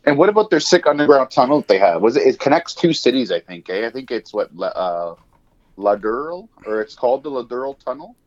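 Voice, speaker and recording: A man's voice: medium pitch, big pitch swings, fairly quick. A man co-hosting a casual podcast, upbeat and laughing often, swearing casually. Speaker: podcast co-host. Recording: dull lo-fi sound.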